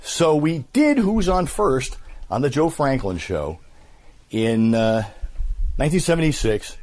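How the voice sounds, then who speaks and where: A man in his fifties, a voice actor, telling stories in a casual interview with an animated, filler-laden manner. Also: medium pitch, unhurried. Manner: animated storyteller, many fillers. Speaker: voice actor, guest.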